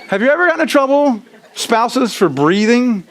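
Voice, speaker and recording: Lively, animated man preaching a sermon. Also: very high voice. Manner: animated, self-deprecating, punctuates with "right?". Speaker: pastor. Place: church sanctuary.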